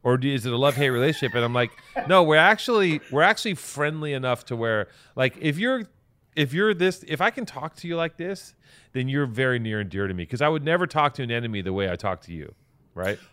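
Smooth-voiced man ranting on a podcast. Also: medium pitch, lively intonation, quick pace, fairly bright tone. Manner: profane, combative, ranting. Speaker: podcast co-host. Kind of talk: casual banter.

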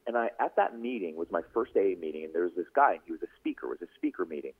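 Racing along in a low, slightly rough voice, this man, who is a news anchor and podcast host, recounts his story as a radio interview guest. He animatedly performs the voices of those he quotes, and the phone-line audio sounds tinny.

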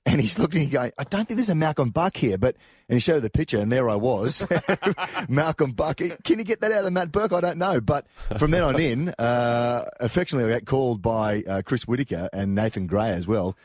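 An Australian man, a rugby pundit on radio, telling anecdotes in a brisk, chuckling way. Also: mid-range voice, animated, darkish tone, no room sound, clean studio sound. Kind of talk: casual radio chat.

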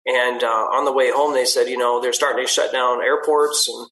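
A man's voice: medium pitch, steady tone, moderate pace, a bit bright, low-quality recording. A man, a hunting outfitter guest, talking easygoingly and rambling at length. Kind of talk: casual interview chat.

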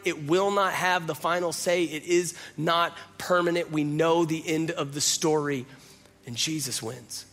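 A man pastor preaching a sermon, earnest and emphatic, who slows to soft, quiet lines at the close. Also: on the high side.

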